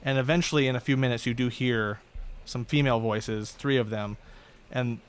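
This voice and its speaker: A man's voice: mid-range voice, steady tone, moderate pace, smooth. A man narrating as game master of a tabletop game, casual and self-deprecating, laughing easily.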